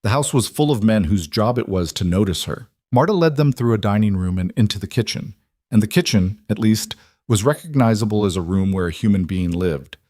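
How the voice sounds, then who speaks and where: A man narrating a scripted story in a measured, even storytelling manner, recorded close on a studio mic. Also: lowish voice, no room sound.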